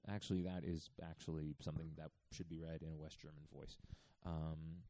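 A man's voice: very deep voice, flat delivery, fairly quick, dark tone, a little hiss or hum. A man in his thirties casually telling a story, rambling with lots of fillers. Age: 30s.

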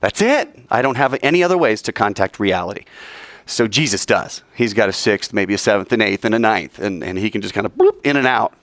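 A man teaching about the Bible and taking questions, playful and animated, acting out scenes with little sound effects. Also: lowish voice, fairly quick, dry recording.

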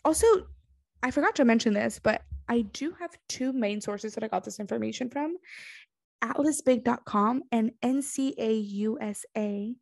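A woman's voice: fairly high pitch, moderate pace, gravelly, no echo, studio quality. A young woman hosting her own podcast alone, sleepy, chatting casually with lots of fillers and self-deprecating restarts. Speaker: podcast host. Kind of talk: casual solo podcast monologue. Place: home, on a couch.

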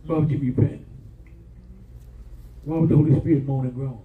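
A man's voice: medium pitch, fairly even intonation, moderate pace, narrow, tinny audio. A man preaching a sermon as pastor, impassioned, calling for responses from the congregation. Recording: roomy church sound from far off.

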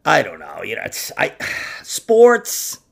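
A man's voice: on the low side, takes it slowly, vocal fry. A man hosting a podcast in loose, casual chat, swearing freely and getting worked up about sports. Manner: loose, swearing, excitable, laughs often. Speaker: podcast host.

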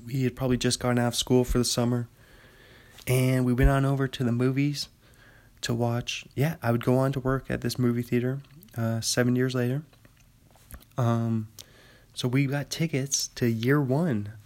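A young man from Washington state hosts a laid-back solo podcast. He rambles at a middling pitch, chatty and quick to laugh at his own asides. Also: little pitch movement, a little mellow. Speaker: podcast host. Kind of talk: casual solo chat.

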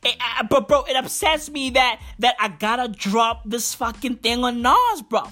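A woman's voice: fairly high pitch, animated, moderate pace, bright, forceful tone. A woman ranting through music commentary, profane and repetitive, calling everyone bro.

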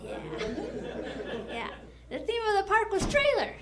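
A woman performing a stand-up comedy set, telling deadpan jokes and giggling at her own lines, with silly voices for characters. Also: very high-pitched, a little slow, over a noisy crowd. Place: comedy club with a live audience. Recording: loud audience and room noise.

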